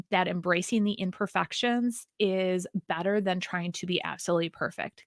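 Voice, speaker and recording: Midwestern woman podcast host, Wisconsin accent, sing-songy chatty delivery, bright tone. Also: mid-range voice, no echo, studio quality. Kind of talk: casual solo podcast monologue.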